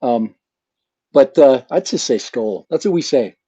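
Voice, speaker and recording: A man's voice: medium pitch, lively intonation, unhurried, mellow, husky, dry recording. A man hosting his channel in a casual live chat, rambling and joking with a chuckle. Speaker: channel host. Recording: dull lo-fi sound.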